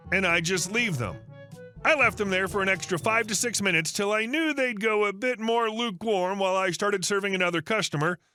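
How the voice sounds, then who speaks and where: A man reading online stories aloud as a channel's narrator, in a steady scripted storytelling manner. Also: high-pitched.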